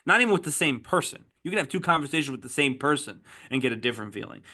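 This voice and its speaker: A man's voice: on the high side, animated, racing, pushed and bright. A man hosting a podcast who gives his opinions in casual chat. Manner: opinionated, chatty. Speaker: podcast host.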